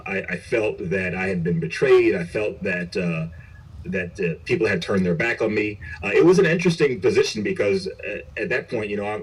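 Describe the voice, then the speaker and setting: A middle-aged man, a police chief, telling his story in an interview, earnest and halting with frequent restarts. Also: lowish voice, husky. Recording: recorded far from the mic.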